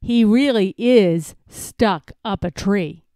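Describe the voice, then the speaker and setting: A woman's voice: mid-range voice, takes it slowly, mellow, no room sound, clean studio sound. A woman voicing a curious, giggly elephant in a storybook read-aloud. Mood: eager.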